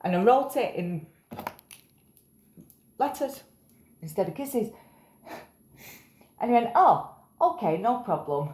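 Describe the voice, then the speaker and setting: A woman's voice: a little high, sing-song, slow pace, pauses often, a little mellow, roomy sound. Tired, chatty woman rambling. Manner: chatty, rambling, swears casually, self-mocking. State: tired after a night up. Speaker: vlogger. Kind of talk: rambling casual vlog monologue.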